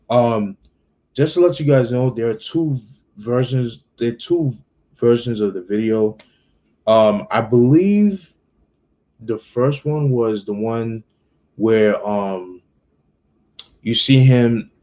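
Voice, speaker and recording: A man giving a casual, slangy album review, relaxed and loose with lots of fillers. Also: mid-range voice, dull audio. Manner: laid-back, slangy, many fillers and restarts.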